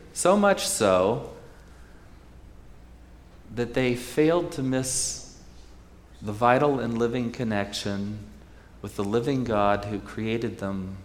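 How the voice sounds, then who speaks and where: A man's voice: lowish voice, roomy sound, long reverb tail, slight background noise. A man preaching a sermon in a conversational, wry way, retelling scripture stories. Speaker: pastor.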